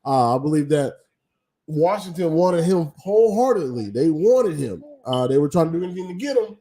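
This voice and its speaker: A man's voice: on the high side, sing-song, moderate pace, warm tone. A man hosting a livestream, giving opinionated casual sports commentary that rambles with frequent ums. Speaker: livestream host.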